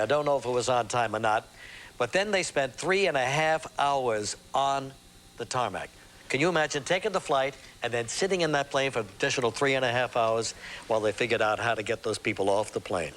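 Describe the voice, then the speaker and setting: A man's voice: medium pitch, brisk, a bit bright. An older man hosting a morning show, chatting, reading the news and telling stories while teasing his guests. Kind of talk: casual chat, reading the news. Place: TV studio with live audience. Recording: grainy VHS tape with faint hiss.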